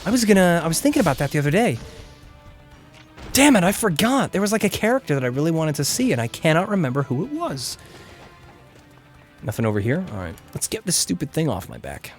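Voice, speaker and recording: A man chatting casually to his chat while playing an action game, getting loud and excited during fights. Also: on the high side, fast, long pauses, soft background music. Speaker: game streamer.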